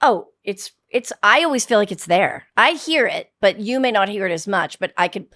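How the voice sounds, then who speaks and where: A woman in her fifties from the Boston area with a faint Boston accent, a guest telling stories in blunt, salty casual talk with lively quoted voices. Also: mid-range voice, normal speed, dry recording. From Boston area, United States. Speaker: guest, actress. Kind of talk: casual interview chat. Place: podcast studio.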